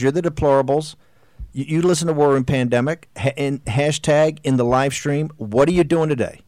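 A man's voice: mid-range voice, a little mellow, no room sound. A middle-aged man hosting a political talk show, delivering a combative, exhorting monologue that rambles with restarts. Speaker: host.

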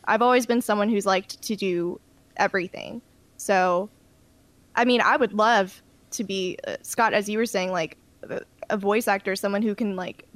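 A woman's voice: medium pitch, no room sound. Young radio gal rambling about her plans, lots of ums, dry close mic. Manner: chatty, trailing off with ums. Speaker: radio news presenter. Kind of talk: casual chat.

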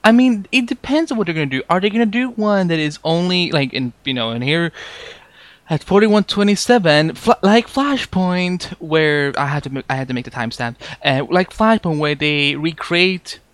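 A man's voice: on the high side, animated, moderate pace, fairly bright tone, no room sound. A man co-hosting a podcast, chatting casually about a TV episode, joking and rambling and trailing off with asides. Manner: rambling, joking, trails off with "I'm just saying". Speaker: podcast co-host. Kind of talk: casual fan review chat.

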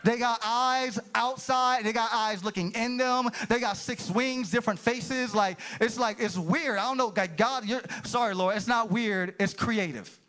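Preaching to the congregation, this pastor speaks with lively energy and occasional shouted bursts. He has a high voice, keeps a moderate pace, and barely pauses.

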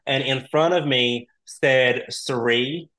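Animated, laughing male storyteller. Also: medium pitch, takes it slowly, poor audio. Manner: animated, laughs often, acts out quoted voices. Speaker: reality show contestant, podcast guest. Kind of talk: casual storytelling chat.

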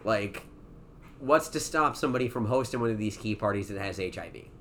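A man's voice: on the low side, fairly quick, a bit bright, slight background noise. A man co-hosting a podcast in casual chat, blunt and profane, laughing often and cutting in. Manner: blunt, profane, laughs often, jumps in over the other speaker. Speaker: podcast co-host.

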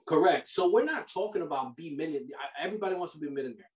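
A fairly high-voiced man holds forth as a podcast host, giving money advice in an animated, slangy, preachy way. His voice sits back from the mic and carries room echo. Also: rapid-fire, far from the mic. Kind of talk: casual money-advice chat. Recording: roomy sound from off the mic.

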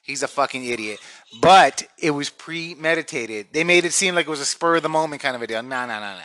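A man's voice: on the high side, expressive, a little fast, pushed and bright. A brash man co-hosting a casual podcast, joking and swearing a lot as he banters. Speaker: podcast co-host.

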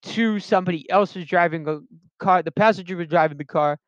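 A man's voice: sits high, brisk, no room sound. A young man in his late teens telling a personal story casually, rambling with lots of restarts and fillers, on a dull lo-fi recording.

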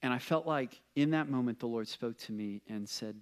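A man's voice: mid-range voice, moderate pace, hardly any pauses, clean tone. A young adult man, a pastor, preaching a sermon as an earnest personal story, often restarting his words.

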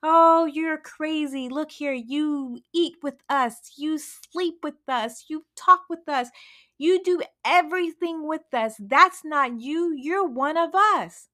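A woman's voice: sits high, takes it slowly, bright, forceful tone, pitched above the performer's own voice, heavily acted. A woman voicing a flock of chickens who scoff and mock their friend. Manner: mocking, scoffing. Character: flock of mocking chickens, scornful.

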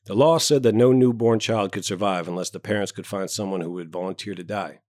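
A man with a lowish voice reads a story aloud in a measured, even way. The sound is close and dry, with no room around it. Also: no room sound. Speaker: narrator. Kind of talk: scripted story narration.

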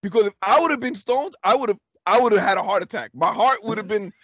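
Excitable man telling a wild story. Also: high-pitched, fast, slightly rough, no echo. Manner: animated, swearing, laughs often, acts out quotes. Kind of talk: casual storytelling chat. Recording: dull, dry lo-fi recording.

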